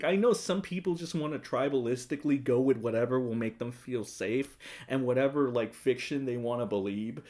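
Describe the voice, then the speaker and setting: A man's voice: medium pitch, a bit bright. A young man giving a profane, sarcastic rant, reacting to social media posts as a commentary streamer. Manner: profane, sarcastic, mocking voices of others.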